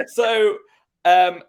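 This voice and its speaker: A man's voice: high-pitched, steady tone, extremely slow. English man, friendly accent coach. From England. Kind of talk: interview guest, explaining.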